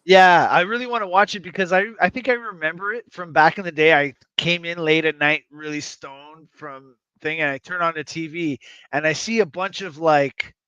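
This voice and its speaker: A man's voice: a little high, normal speed, pushed and bright, clear, resonant tone, no room sound, highs cut off. A man co-hosting a podcast in casual chat, rambling and swearing freely with frequent laughs.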